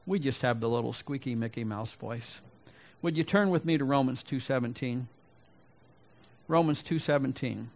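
A man's voice: mid-range voice, normal speed. A middle-aged man preaching a sermon, telling a folksy personal story and then asking rhetorical questions. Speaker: pastor.

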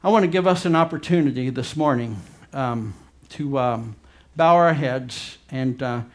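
A pastor preaches fervently, alternating between loud, urgent emphasis and quiet, low asides. His delivery is unhurried.

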